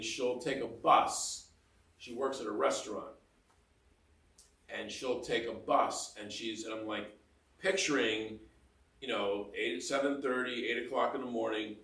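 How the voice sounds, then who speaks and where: Man, middle-aged, casual homily, chatty asides, mid pitch, distant mic, echoey hall. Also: a bit bright. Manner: chatty, self-mocking, full of asides and laughter. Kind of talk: conversational homily. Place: church. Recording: roomy echo, mic heard from a distance.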